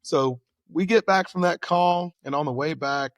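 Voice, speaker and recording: Animated Texan man telling fire stories. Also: moderate pace, dry recording, studio quality. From Texas. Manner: animated, acts out quoted dialogue with rising pitch and volume. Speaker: fire lieutenant and guest. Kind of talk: casual storytelling.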